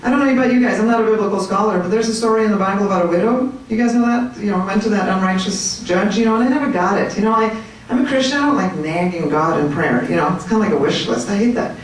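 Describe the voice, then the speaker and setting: A woman's voice: medium pitch, fast. Chatty woman speaking to a crowd, echoey. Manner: animated, chatty, jokes with the audience. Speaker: speaker at a political meetup. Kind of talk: lively speech to a crowd. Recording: echoey room, mic at a distance.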